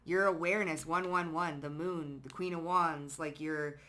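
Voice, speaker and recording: Bright-voiced, profane woman reading tarot. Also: sits low, fairly even intonation, moderate pace. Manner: profane, slangy, emphatic. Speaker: tarot reader.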